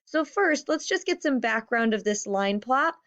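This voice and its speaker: A woman's voice: fairly high pitch, lively intonation, a bit bright. Patient woman teacher explaining math. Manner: patient, stresses key words, counts slowly. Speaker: fifth grade teacher. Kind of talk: recorded math lesson. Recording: slightly dull lo-fi audio.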